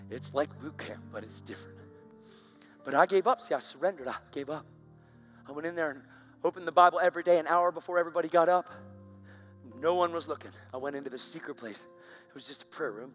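Intense high-voiced man preaching testimony. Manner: intense, swings from hushed to loud. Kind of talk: emotional testimony sermon.

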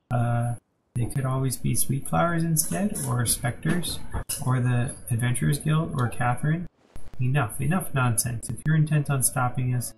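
A man's voice: medium pitch, vocal fry, a little mellow, poor audio. A male streamer reading the lines of every character in a game cutscene aloud, stumbling and restarting now and then. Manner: reads every character himself with small slips and restarts. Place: home streaming setup.

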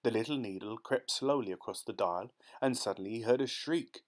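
A man narrating a short story as an audiobook reader, in a steady, measured way. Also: mid-range voice. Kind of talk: scripted narration.

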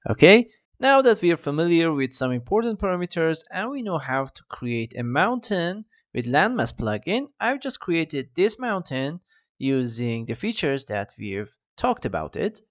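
A man walking through a 3D software tutorial, with a casual "I mean" and "let's just" as he goes. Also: on the high side, gravelly, no room sound. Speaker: 3D tutorial creator. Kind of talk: screen-recorded software tutorial.

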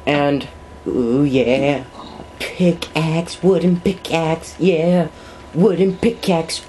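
A let's play gamer and vlogger in casual gameplay commentary, giggly, rambling and apologetic, with sudden high yelps. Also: lively intonation, slow, pauses often, darkish tone, a little hiss or hum.

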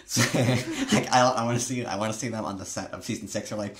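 A man's voice: fairly low pitch, fairly even intonation, fast, fairly bright tone. A young man co-hosting a casual chat, rambling and full of "like" and "um". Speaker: co-host.

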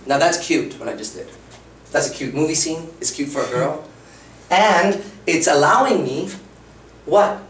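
A man's voice: fairly high pitch, unhurried, pauses often, fairly bright tone, a little hiss or hum. A man in his thirties, a dating coach giving a live lecture in a blunt, profane, conversational way. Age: 30s. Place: lecture room. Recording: roomy, far from the mic.

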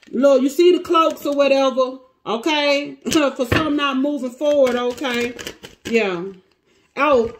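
A woman giving a casual tarot reading, animated and exclamatory, often thinking aloud and breaking off mid-sentence. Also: sits high, a little hiss or hum. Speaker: tarot reader.

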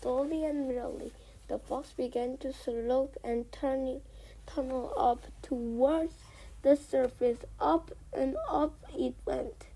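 A woman reading a children's book aloud, softly and often close to a whisper. Her voice sits high, with a gravelly, husky grain. She takes the story at an unhurried pace. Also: rough recording. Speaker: storybook reader.

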